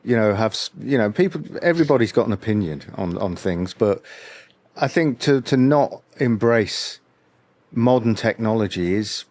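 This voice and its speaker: A man's voice: fairly low pitch, expressive, normal speed, a little mellow, no echo. A man co-hosting a podcast, talking in an agreeable, hesitant way full of "you know" fillers. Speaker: podcast co-host. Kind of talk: casual chat.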